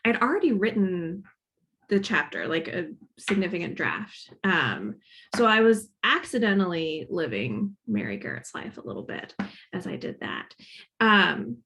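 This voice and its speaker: A woman's voice: fairly low pitch, sing-song, unhurried, creaky, fairly bright tone, a little hiss or hum. A woman in her thirties from Northern Kentucky with a Midwestern accent touched by Boston, speaking as a guest author in a casual, reflective way and thinking aloud. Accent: Midwestern with a slight Boston inflection. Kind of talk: casual conversational talk at a library author event.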